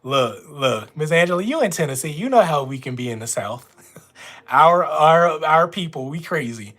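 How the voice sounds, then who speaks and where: A man from Louisiana with a Louisiana accent and a voice a little higher than most men's. He chats casually on a live stream from home, talking straight to his viewers. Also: animated, moderate pace, a bit bright. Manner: chatty, talks straight to viewers. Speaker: notary running a live stream. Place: at home with dogs nearby.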